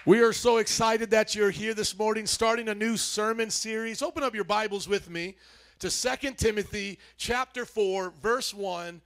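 A man speaking as a pastor, giving a lively, joking sermon introduction in a church and calling on the congregation to answer back. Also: sits high, normal speed. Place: church sanctuary.

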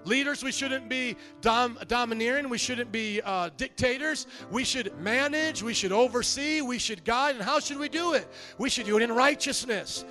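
A man preaching a sermon as pastor, telling stories with lively, acted-out quotes. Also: very high-pitched, moderate pace, few pauses, soft background music. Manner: lively storytelling, acts out quoted voices.

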